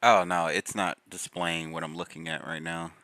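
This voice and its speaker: A man's voice: low voice, fairly even intonation, normal speed, bright, forceful tone, no room sound. A man hosting his live stream, chatting in an easygoing way with short replies and frequent laughter. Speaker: streamer host. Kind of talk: casual chat. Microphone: voice call.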